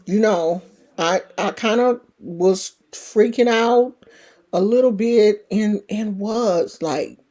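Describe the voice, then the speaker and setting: Slow-talking frank woman in her sixties. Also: mid-range voice, dark tone. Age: 60s. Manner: frank, earthy, swears freely. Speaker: vlogger. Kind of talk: casual to-camera chat.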